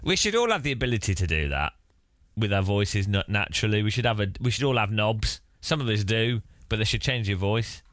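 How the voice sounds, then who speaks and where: A man's voice: lowish voice, very animated, brisk, a bit bright, no room sound, clean studio sound. A man chatting casually on a live stream, playful and laughing often.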